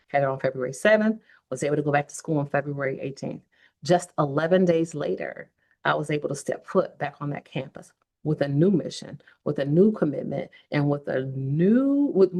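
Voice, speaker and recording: A woman in her fifties with a somewhat low voice tells her own life story on a podcast. She talks to her listeners directly, earnest and heartfelt, as if sharing with friends. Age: 50s. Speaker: podcast host.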